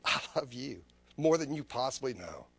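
A man's voice: medium pitch, sing-song, moderate pace, gravelly, fairly bright tone, husky, no room sound, voice pushed down, heavily acted. A male preacher voicing a tender, reassuring God within his sermon.

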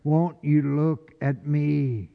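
A male preacher delivers a slow, deliberate sermon, his voice sitting a little high for a man. His words swing between ringing calls and hushed, low lines. The sound is dull and lo-fi, with a long reverb trailing off the walls of a big hall. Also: steady tone, gravelly.

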